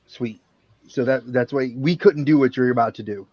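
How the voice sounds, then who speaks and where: A man talks through tabletop rules with a blunt, swearing edge, reading and explaining as he goes. His voice sits in a middle pitch. It comes over dry and dull, like a lo-fi podcast mic. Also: normal speed, dry recording. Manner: rules-focused, profane, flips through rulebook aloud. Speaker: player. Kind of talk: casual tabletop game chat.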